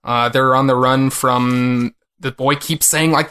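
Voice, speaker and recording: A man's voice: mid-range voice, fairly even intonation, moderate pace, few pauses, sharp tone, slight background noise. A man co-hosting a comics podcast in casual chat, rambling with many fillers. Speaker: podcast co-host.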